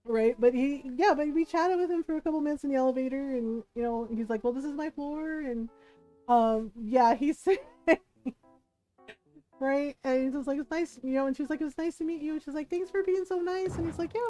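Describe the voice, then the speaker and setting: Female streamer, high mellow voice, chatty and animated, soft music behind. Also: poor audio. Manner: animated, laughs often, acts out quotes. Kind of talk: casual storytelling while gaming.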